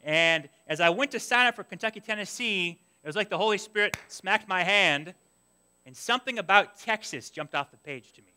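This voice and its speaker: Bright-voiced animated young male pastor. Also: high-pitched, normal speed, smooth. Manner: animated, acts out his own past complaints. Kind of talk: storytelling sermon.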